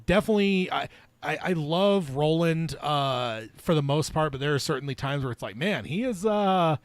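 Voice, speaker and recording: A man's voice: a little high, moderate pace, no room sound. A man hosting a casual book club podcast, reading passages aloud and talking it over with plenty of fillers and restarts. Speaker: podcast host.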